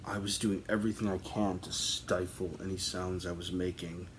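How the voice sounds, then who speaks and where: A man's voice: sits low, level tone, moderate pace, a little hiss or hum. A man casually telling a comic story on a podcast, rambling through lots of fillers and breaking into laughter. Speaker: podcast host.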